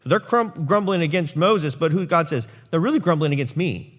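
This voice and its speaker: A male pastor preaching a sermon, animated, with jokey asides and quotes he acts out. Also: fairly high pitch, brisk.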